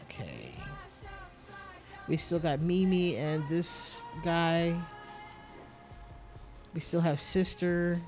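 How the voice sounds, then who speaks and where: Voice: mid-range voice, very animated, very slow, pauses often. A streamer giving casual, wry commentary while playing, reading item names aloud. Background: faint game music.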